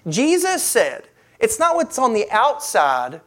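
A woman's voice: a little high, huge pitch swings, slow, a bit bright. A woman preaching a sermon, earnest and emphatic, with rhetorical questions and repeated phrases.

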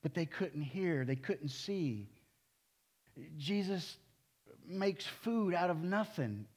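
A male pastor in his sixties preaching a sermon in a conversational way, with sudden loud, animated bursts. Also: fairly high pitch, slow pace.

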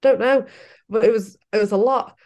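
This young woman, a guest on a podcast, has a fairly high, slightly mellow voice and speaks at a moderate pace. Recounting her own experiences in a relaxed interview, she laughs often and reenacts what she once said.

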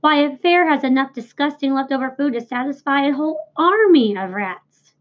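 A woman doing a worldly old ewe, coaxing, savoring manner, high-ish voice, dull lo-fi recording. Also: expressive, moderate pace, a little hiss or hum. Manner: lush, savoring listing of foods. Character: crafty old female sheep, coaxing and worldly.

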